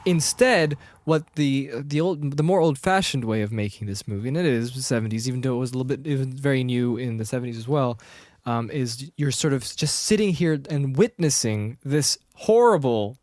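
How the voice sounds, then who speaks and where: Man, podcast co-host, casual chat, lively retelling, dry close sound. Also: medium pitch, dry recording. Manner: animated retelling, puts on quick character voices.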